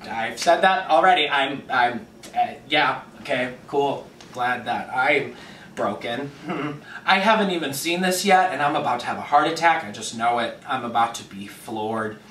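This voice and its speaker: A young man hosting a reaction video, gushing dramatically and breaking into quick asides as he reacts. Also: medium pitch, animated, fairly bright tone, a little hiss or hum. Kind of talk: excited reaction commentary. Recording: echoey room, distant mic.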